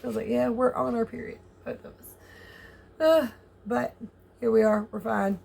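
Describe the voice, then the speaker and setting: A woman's voice: a little high, steady tone, moderate pace, creaky, darkish tone, slight background noise. A woman with a Southern US accent in a chatty, candid vlog, laughing often and swearing casually as she rambles. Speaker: vlogger.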